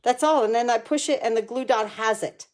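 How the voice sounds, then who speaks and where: A woman's voice: on the high side, fairly quick, a little mellow. Woman, crafting demonstrator on a live stream, chatty and enthusiastic, talks viewers through each step. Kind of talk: live card-making demo.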